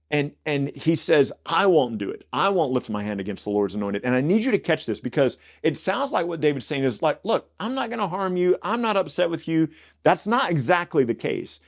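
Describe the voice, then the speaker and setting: A man hosting a Bible study podcast. He reads scripture aloud and explains it in a conversational way, often restarting and repeating words. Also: medium pitch.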